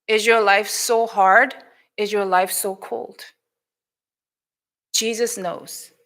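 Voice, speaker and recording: A woman with a Korean accent giving a children's sermon in a church, telling a Bible story in an animated way, acting out the people in it and switching between English and Korean. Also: mid-range voice, slow. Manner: animated, acts out quoted lines. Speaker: pastor. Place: church sanctuary.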